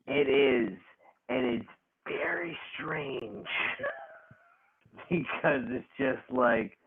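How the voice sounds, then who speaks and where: Gravelly, husky man on a tinny line. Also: lowish voice. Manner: profane, animated, laughing rants. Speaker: podcast co-host. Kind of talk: casual wrestling chat. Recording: tinny phone-like audio.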